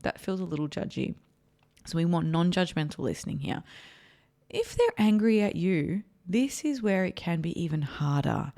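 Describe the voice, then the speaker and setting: A woman's voice: fairly low pitch, expressive, normal speed, creaky, dark tone. A woman therapist hosting an advice podcast, speaking earnestly and repeating her key points for emphasis.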